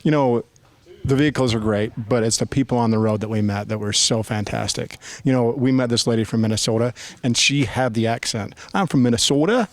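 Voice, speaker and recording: A man telling animated, casual stories from a road trip. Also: medium pitch, brisk. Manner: animated, imitates people. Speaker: motorcycle trip rider. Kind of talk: casual storytelling.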